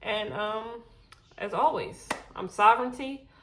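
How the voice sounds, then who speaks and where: Speaking slowly in a slightly high, somewhat bright voice, with a little hiss or hum in the recording, a tarot reader offers a casual spiritual reading. She's breathless yet reassuring, says "okay" again and again, and frequently self-corrects.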